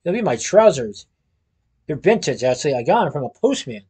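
Man voicing an eager naive young guy, polite, a bit higher, husky edge. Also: sing-song, fairly quick, a little mellow. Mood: cheerful.

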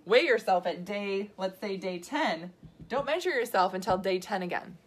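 A woman nutrition coach hosting a live video, answering viewer questions in an animated, chatty way with lots of asides and laughs. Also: medium pitch, normal speed, breathy edge. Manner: animated, gesturing a lot while talking.

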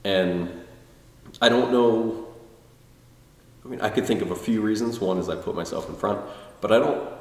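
A man's voice: lowish voice, moderate pace, pauses often. A man casually reviewing a tai chi workshop, rambling and self-deprecating, with frequent restarts. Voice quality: quiet, introverted. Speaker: tai chi video blogger. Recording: roomy, distant mic with long reverb.

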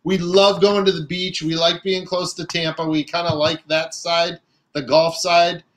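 Man, high voice, co-host, reads out viewer comments, relaxed livestream chat. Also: measured pace. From Chicago area, United States. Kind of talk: casual live-stream chat.

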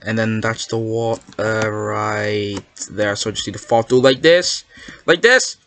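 A gamer giving excitable, rambling commentary while playing, yelping and protesting whenever a trick fools them. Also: mid-range voice, measured pace. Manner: excitable, yelps and protests when fooled; rambling, self-correcting. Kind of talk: Minecraft gameplay commentary.

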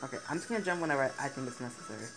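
A teenage boy giving excitable gaming commentary, swearing and laughing often. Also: medium pitch, rapid-fire, gravelly, low-quality recording. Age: teens. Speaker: gaming YouTuber. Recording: game music playing behind the voice.

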